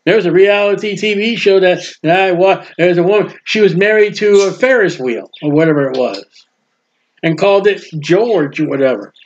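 A man preaching a sermon with emphasis, swinging between loud proclaiming and quiet asides. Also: high-pitched, expressive, moderate pace, lo-fi sound.

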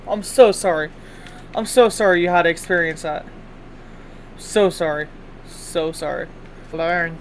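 A young man giving live gameplay commentary as a gaming YouTuber, excitable and taunting, often bursting into yells at other players. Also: high-pitched, brisk, slight background noise.

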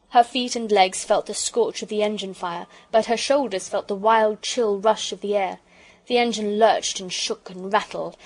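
Brief: woman narrator, mid-pitched, steady and expressive children's audiobook reading. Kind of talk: storybook narration.

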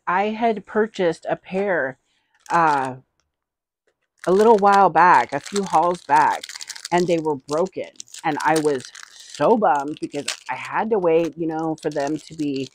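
A woman's voice: low voice, a little hiss or hum. A middle-aged woman vlogger in casual, rambling haul chat, giggling often.

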